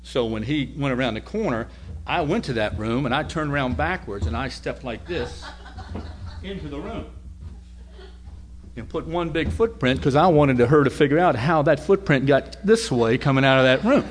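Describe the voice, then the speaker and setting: A man preaching a sermon, telling a story in a conversational way and moving between loud lines and near-whispers. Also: medium pitch, animated, normal speed, a little hiss or hum.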